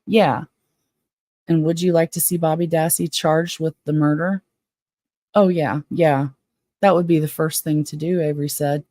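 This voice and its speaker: A woman's voice: low voice, fairly even intonation, dark tone, dry recording. A woman hosting a casual live stream from home, reading a book aloud and chatting frankly with viewers. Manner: chatty, frank, quick to get worked up. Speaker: livestream host.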